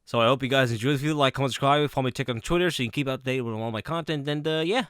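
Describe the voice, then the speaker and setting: Man, casual vlog commentary, bright sharp voice, dry close sound, laughs and swears a lot. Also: medium pitch, very fast, smooth, dry recording.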